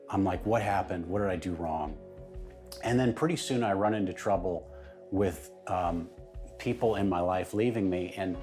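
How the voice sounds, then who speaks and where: A man's voice: lowish voice, a little mellow. A man speaking as an interview guest, telling a personal story in an emphatic way that builds in intensity.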